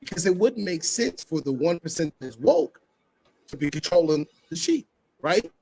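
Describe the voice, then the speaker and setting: A man's voice: on the high side, sing-song, normal speed, vocal fry, dark tone, slight background noise. A man co-hosting a podcast in casual chat, thinking aloud and working through numbers with many restarts.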